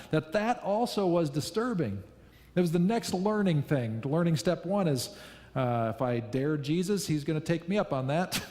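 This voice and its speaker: A man preaching a sermon, telling a story in a lively way and repeating key lines for emphasis. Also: on the high side, in a large hall. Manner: storytelling, animated, with repetitions for emphasis. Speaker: pastor.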